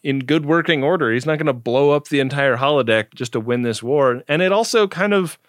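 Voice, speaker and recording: A man's voice: on the high side, brisk, dry recording, clean studio sound. A man co-hosting a podcast, casually retelling a TV episode in a loose, rambling way with lots of fillers. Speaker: podcast co-host. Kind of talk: casual episode recap chat.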